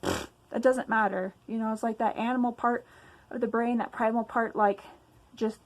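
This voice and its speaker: A young woman vents in a casual personal rant, her voice pitched a little high. She sounds agitated and emphatic, sighing often and swearing as she goes, recorded at home. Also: steady tone, moderate pace, poor audio. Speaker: vlogger.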